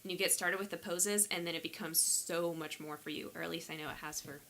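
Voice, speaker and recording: Bright, wry Midwestern woman. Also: fairly low pitch, fairly even intonation, brisk, a little hiss or hum. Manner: bright, wry, laughs easily. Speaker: podcast co-host. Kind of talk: casual chat.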